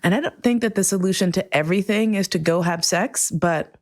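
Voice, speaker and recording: A middle-aged woman hosting her own podcast, talking earnestly and emotionally, swearing freely, in slow, deliberate phrases. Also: on the low side, darkish tone. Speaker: podcast host. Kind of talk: heartfelt solo podcast monologue.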